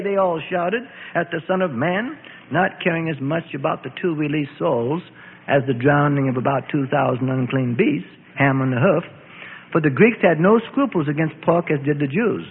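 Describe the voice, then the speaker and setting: Man, dramatic story narration, high voice, tinny radio sound. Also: slightly rough. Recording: tinny phone-like radio with long reverb.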